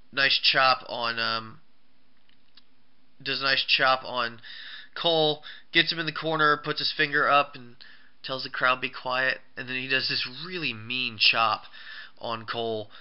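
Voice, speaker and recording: A man who reviews wrestling shows gives a rambling, casual recap, stumbling over restarts and fillers at an unhurried pace. His voice is smooth and at an ordinary pitch. The recording is dull, muffled, and lo-fi.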